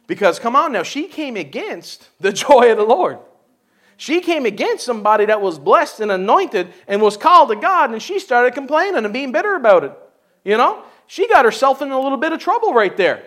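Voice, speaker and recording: A man preaching a sermon, animated and joking, with folksy asides and laughter. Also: very high-pitched, brisk. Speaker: pastor.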